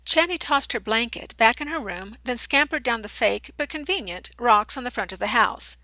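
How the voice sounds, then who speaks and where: A woman narrator reading a young adult novel aloud in an expressive storytelling manner. Her voice is bright and sits a little high. The recording is dry and close, with no room sound. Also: normal speed, no room sound, poor audio. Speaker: audiobook narrator. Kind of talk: scripted audiobook narration.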